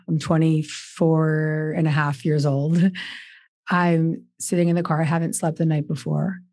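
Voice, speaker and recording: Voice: medium pitch, a little mellow, no echo, studio quality. A guest author in their forties tells a personal recovery story in a podcast interview, earnest and emphatic and often repeating words for stress.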